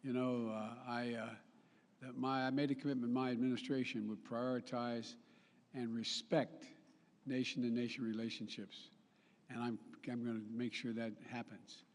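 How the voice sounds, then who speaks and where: A man's voice: medium pitch, flat delivery, normal speed. Older man giving a rambling speech. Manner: rambling, self-correcting, folksy asides. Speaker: head of state giving a speech. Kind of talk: formal public speech with ad-libs. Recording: live speech with long hall reverb.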